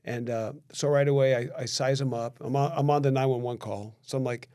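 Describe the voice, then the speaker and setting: A man's voice: mid-range voice, smooth. A man telling a story on a podcast in casual chat. He acts out the quoted lines and often restarts his phrases. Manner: animated storyteller who acts out quoted dialogue; quick, repetitive restarts.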